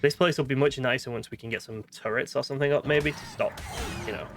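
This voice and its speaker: Speaking quickly over music, this northern British man keeps up casual commentary as he plays a video game, musing aloud and teasing himself. His mid-range voice is creaky and fairly even in intonation. He's a gaming streamer from northern Britain.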